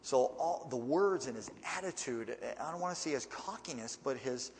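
A man's voice: medium pitch, animated, normal speed, long reverb tail, slight background noise. A man reading Bible verses and explaining them in a plain, conversational way. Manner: conversational, plain-spoken asides between readings. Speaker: preacher teaching a Bible passage.

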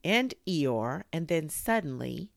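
Woman doing a slow humble teddy bear. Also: sits low, very animated, creaky, dry recording, clean studio sound, full character voice. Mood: muddled.

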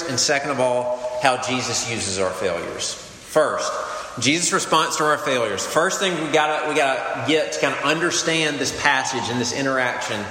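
A man's voice: mid-range voice, sharp tone, a little hiss or hum. A man giving an earnest, conversational sermon as a campus minister, with frequent fillers. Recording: echoey hall with long reverb.

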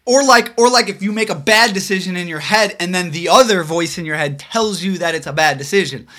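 A young man co-hosting a casual podcast, excitable and animated, often restarting his sentences. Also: high voice, a little fast. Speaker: podcast co-host. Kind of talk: casual chat.

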